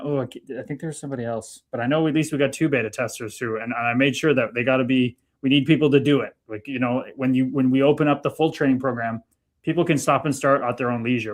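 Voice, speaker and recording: A man from Canada hosting a casual livestream, chatting easily and reading out viewer comments. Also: mid-range voice. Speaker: livestream host.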